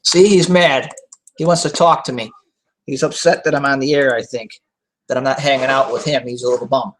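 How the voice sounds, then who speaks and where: A man's voice: mid-range voice, fairly even intonation, fairly quick, fairly bright tone, slight background noise, rough recording. A young adult man hosting a live online talk show, chatting casually and loosely with lots of fillers, self-corrections and casual swearing. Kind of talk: casual rambling chat.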